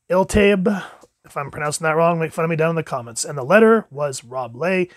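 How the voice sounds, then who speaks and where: A man's voice: no room sound, clean studio sound. A man casually reviewing a comic book at home, chatty and playing out the quotes. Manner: chatty, acts out quotes with jumps in pitch. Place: home room with dogs.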